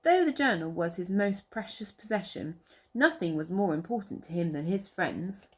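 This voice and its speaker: A woman teacher with an English accent reading a picture book aloud to young children, pausing to explain words. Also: fairly low pitch, a little hiss or hum. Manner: slow, expressive, pauses to explain words.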